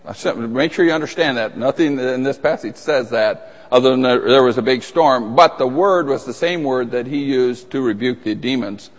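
A man's voice: medium pitch, normal speed, few pauses. A man preaching a sermon in a conversational, emphatic way, with asides and restarts. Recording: long reverb of a large hall.

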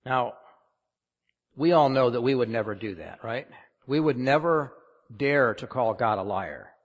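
Emphatic pastor in reverberant hall. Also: male voice, mid-range voice, lively intonation, a little slow. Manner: emphatic, questioning the congregation. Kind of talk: sermon.

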